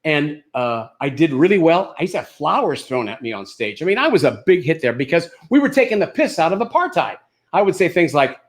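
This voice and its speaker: Animated older male comedian telling stories. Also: fairly high pitch, a little fast. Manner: animated, anecdotal, punchline-driven. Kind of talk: stand-up storytelling.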